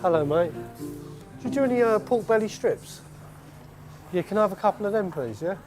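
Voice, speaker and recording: Over background music, a man speaks in a high, animated voice at a moderate pace, chatting casually as he goes about. A psychiatric inpatient out on leave, he laughs often and keeps sprinkling in "you know what I mean."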